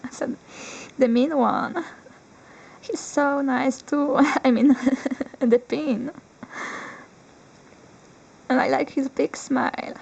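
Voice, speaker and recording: A young woman, not a native English speaker, unboxing collectibles on camera, excitable and giggly, squealing with joy now and then. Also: high-pitched, drawn-out words, vocal fry, pauses often, breathy edge, muffled recording. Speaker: vlogger. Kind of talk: unboxing vlog.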